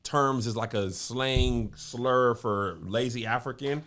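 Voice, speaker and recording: A man's voice: medium pitch, slow pace, a bit bright. A man hosting a podcast, chatting conversationally and bringing up news items. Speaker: podcast host. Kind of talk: casual podcast chat.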